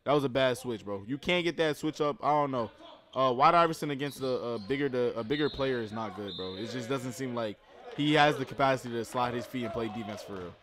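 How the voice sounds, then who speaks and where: Excitable man doing slangy game commentary. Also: mid-range voice, a little fast. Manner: excitable, loud outbursts, slangy. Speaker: reaction streamer commenting on basketball. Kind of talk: casual live commentary.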